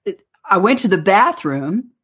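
A woman recounts a personal story in a loose, rambling way and slips into the voices of the people she quotes. Her voice sits at a middle pitch. The recording is dull and lo-fi. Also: sing-song, unhurried, a bit bright, slightly rough. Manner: rambling, acts out quoted lines.

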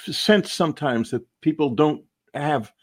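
A man's voice: fairly high pitch, measured pace, darkish tone. A man interviewing a guest, asking short, thoughtful follow-up questions in a conversational tone.

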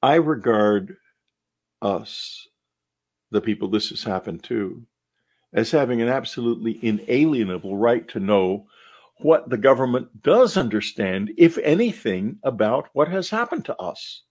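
An older man hosting a show, speaking in an earnest, musing monologue full of rhetorical questions, with a husky voice. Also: medium pitch, lively intonation, a little slow, darkish tone. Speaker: podcast host. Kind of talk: reflective monologue.

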